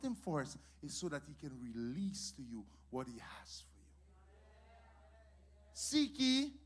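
A man preaching a sermon as pastor, swinging between quiet asides and loud, sing-song shouted declarations and repeating his phrases for emphasis. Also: fairly high pitch, sing-song, unhurried, husky.

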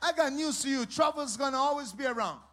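A male pastor delivers a sermon at a rapid clip in an extremely high-pitched voice. He alternates between hushed asides and loud, sing-song shouted proclamations, repeating phrases to drive them home.

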